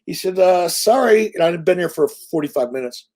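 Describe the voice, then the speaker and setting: This sixty-something interview guest talks a little fast, his voice pitched fairly high. His storytelling is casual and animated, full of punch and profanity.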